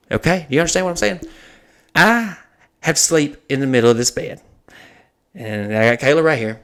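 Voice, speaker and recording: Smooth and somewhat high-pitched, this podcast host speaks fairly quickly but leaves long pauses. He relates a long story in casual chat, swearing freely, animated throughout, and performing the dialogue he quotes.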